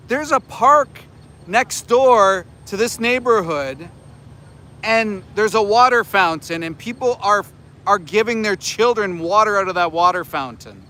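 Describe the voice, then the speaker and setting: A man's voice: sits high, bright, forceful tone. A man in his forties livestreaming outdoors as an activist, talking back to his chat with scolding sarcasm. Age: 40s. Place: outdoors near a slaughterhouse by homes.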